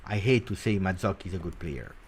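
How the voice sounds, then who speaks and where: A man hosting a casual football talk show, animated and teasing, jumping between loud bursts and quiet mutters. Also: low-pitched, fast talker, husky. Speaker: football channel host. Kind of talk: casual live commentary.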